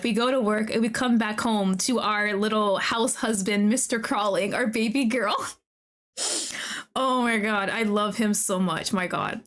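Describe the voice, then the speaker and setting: A woman streamer commenting on a game as she plays, gushing, excitable and talking straight to the characters. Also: medium pitch, a little slow. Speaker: VTuber streamer. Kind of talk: let's-play commentary.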